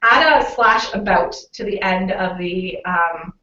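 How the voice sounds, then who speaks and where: A woman's voice: mid-range voice, slow, sharp tone. A woman with a Canadian accent presenting a webinar, explaining things casually with frequent fillers. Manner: casual, explanatory, many "um"s and "you know"s. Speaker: local SEO consultant presenting a webinar. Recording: roomy, distant, muffled webinar audio.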